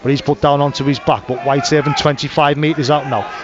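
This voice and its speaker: A man on live rugby league play-by-play for radio, calling every pass and tackle as it comes. His voice sits a little high for a man. The broadcast audio is dull and lo-fi. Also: level tone. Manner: rapid, names each pass and tackle.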